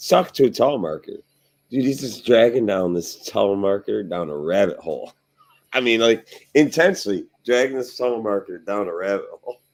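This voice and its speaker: Gravelly, ranting middle-aged man. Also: on the low side, fairly quick. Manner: profane, ranting, animated storytelling. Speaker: garage show host. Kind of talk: casual livestream chat.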